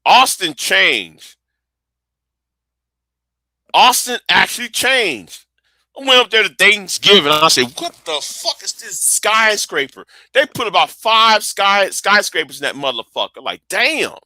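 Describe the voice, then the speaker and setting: A man's voice: sits high, sing-song, measured pace, pushed and bright, dry recording. A man from Texas, chatting casually on a livestream in a rambling, profane way with stammering restarts. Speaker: livestream host.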